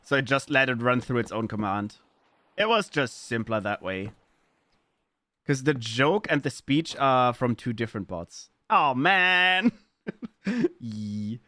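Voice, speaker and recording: A man's voice: mid-range voice, animated, measured pace, fairly bright tone. A man from Germany with a German accent, chatting casually with his live-stream audience, playful and swearing freely as he riffs on chat messages.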